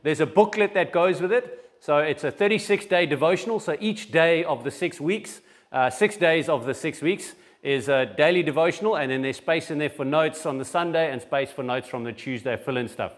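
Conversational pastor man, slightly high voice. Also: normal speed. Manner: conversational, with frequent restarts and repeated words. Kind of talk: sermon with church announcements. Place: church.

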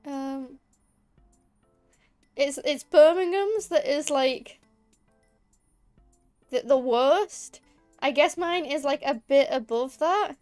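A high-voiced woman from Liverpool chats away on her game stream, her Scouse accent soft but there. She rambles along with plenty of "like" and "um", loose and casual. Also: slow, pauses often, soft background music. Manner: rambling and chatty, lots of fillers.

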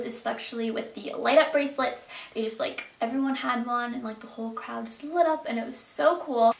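A teenage girl chats through a storytime vlog, excitable and full of fillers. Her voice sits a little high with a gravelly fry at the ends of phrases. The room around her is echoey. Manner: excitable, chatty, lots of fillers. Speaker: vlogger.

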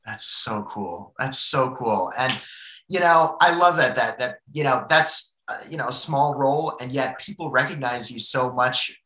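Bright-voiced, enthusiastic male interviewer. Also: mid-range voice, a little slow. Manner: enthusiastic, rambling with fillers. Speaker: interview moderator. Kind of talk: conversational interview questions. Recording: echoey room.

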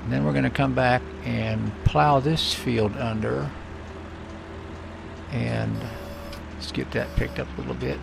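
A man's voice: medium pitch, fairly even intonation, measured pace, vocal fry, long pauses, noisy background. A man giving casual, rambling commentary while playing a farming game, thinking aloud with many fillers. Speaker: gameplay commentator. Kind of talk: casual let's-play commentary.

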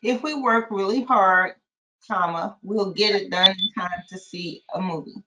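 A woman's voice: mid-range voice, a little slow, noisy background. A woman adult learner reading sentences aloud carefully and hesitantly in a lesson.

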